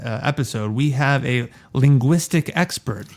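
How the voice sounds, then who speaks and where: A man's voice: medium pitch, moderate pace, darkish tone. Playful man co-hosting a film podcast. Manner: playful, laughs often while explaining. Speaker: podcast co-host. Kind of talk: casual chat.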